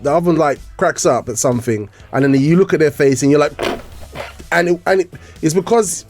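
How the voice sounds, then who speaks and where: A man's voice: on the high side, brisk, darkish tone, faint music behind. A young man hosting a faith-themed breakfast chat show, talking casually and laughing often. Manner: laughs often, restarts sentences. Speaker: host.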